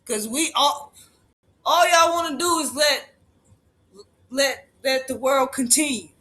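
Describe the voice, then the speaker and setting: Man livestreaming, very high and bright voice, cursing and hammering his points home. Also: slow pace. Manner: profane, emphatic, repeating lines for force. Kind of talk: impassioned livestream rant.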